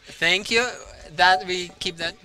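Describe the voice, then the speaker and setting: A man's voice: sits high, slow pace. A man hosting a playful street interview, upbeat and laughing often as he asks short, prompting questions. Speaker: talk show host.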